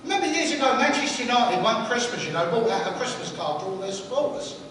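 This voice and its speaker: Older preacher in an echoey hall. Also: male voice, very high-pitched, very animated, fast, a bit bright. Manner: chatty, jokes with the congregation. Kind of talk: sermon with anecdotes. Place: church hall. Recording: echoey hall from far off, noisy.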